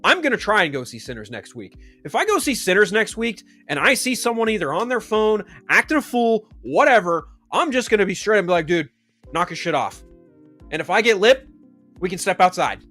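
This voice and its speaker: A man hosts a commentary show in a heated, profane rant. His voice sits high and swings widely. It has a bright edge, with faint music behind it. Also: big pitch swings, fairly quick. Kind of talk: ranting commentary.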